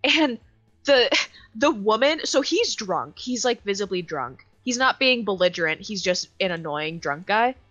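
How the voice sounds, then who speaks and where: A young adult woman co-hosting a podcast, telling an animated story with swearing and lots of fillers. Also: medium pitch, a little slow, dry recording, highs cut off, soft background music. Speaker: podcast co-host. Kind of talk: casual chat.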